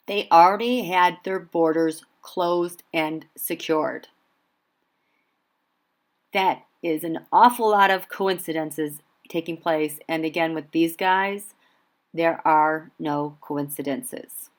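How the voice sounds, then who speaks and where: Lady doing a tarot reading, kinda low voice, talks slow and deliberate. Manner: slow, deliberate delivery broken by fits of giggling. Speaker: tarot reader.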